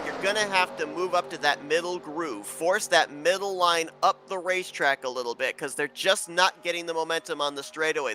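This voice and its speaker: Bright-voiced man calling a sim race. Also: fairly high pitch. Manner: steady, informative, builds excitement on the close racing. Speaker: race commentator. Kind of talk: sim racing play-by-play commentary.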